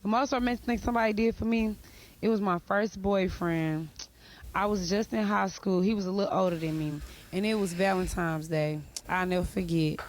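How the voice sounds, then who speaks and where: A woman in an interview clip tells a story from her past in an easy, amused way. Her pitch is medium, and there is a faint hiss behind her. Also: fairly even intonation, moderate pace. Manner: laughing, breezy storytelling. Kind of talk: interview anecdote.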